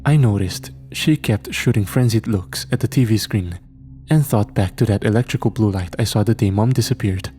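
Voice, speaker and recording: A man narrates a scripted horror story in a slow, measured way. His voice is low and dark, mellow rather than bright. Faint music plays underneath. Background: faint background music.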